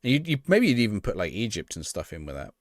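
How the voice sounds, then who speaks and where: A man's voice: on the low side, wildly swooping pitch, quick pace, no room sound, studio quality. A man streaming a football management game live, reacting to the action and chatting with his viewers.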